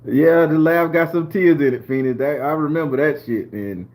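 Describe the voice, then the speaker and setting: A man's voice: a little high, moderate pace. A man in his forties from southern Florida, a channel host telling personal stories and chatting with viewers, laughing often and swearing freely. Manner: loud laughing, swearing, talks to chat viewers. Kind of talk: live-stream storytelling chat.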